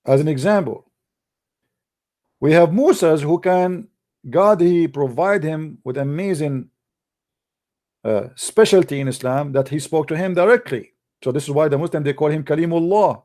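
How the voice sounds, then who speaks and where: A man's voice: on the high side, moderate pace, dark tone. A man lecturing combatively in a livestream, mocking and scolding his opponents in non-native English. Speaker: religious debater.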